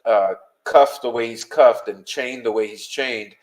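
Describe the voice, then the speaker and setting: A man hosting a live-stream talks straight to his chat in a blunt, heated way, swearing freely. His voice sits in an ordinary middle pitch, and his delivery is casual and conversational, with no polish. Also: unhurried. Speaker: podcast host.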